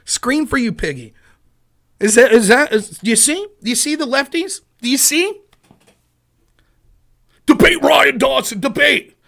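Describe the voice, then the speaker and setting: A man's voice: very high voice, very animated, moderate pace. Furious, sarcastic man ranting on stream. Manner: profane, sarcastic, taunting, bursts into shouting. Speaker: live stream host. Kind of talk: angry live-stream rant.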